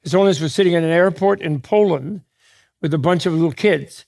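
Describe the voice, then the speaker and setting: Gravelly man giving a joking dharma talk. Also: on the high side, a little mellow. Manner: digressive, joking, quick asides with laughs; self-correcting, restarts mid-thought. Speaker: Buddhist teacher.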